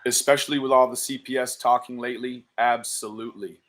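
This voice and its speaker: An exasperated man provides live-stream commentary, swearing often and stretching out his disbelieving exclamations. His voice sits mid-range for a man, fairly even in intonation, a bit bright, and fairly quick with hardly any pauses.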